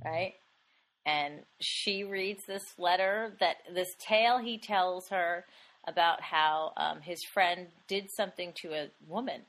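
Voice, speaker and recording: A woman co-hosting a podcast, recapping a horror film in an animated, casual way. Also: lowish voice, slow pace. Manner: animated, acts out characters' lines. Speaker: podcast co-host. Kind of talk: casual movie recap chat.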